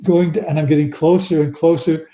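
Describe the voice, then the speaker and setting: An older man slowly and earnestly telling a personal story as an interview guest, often restarting his sentences. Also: fairly high pitch, steady tone, warm tone, echoey room, rough recording.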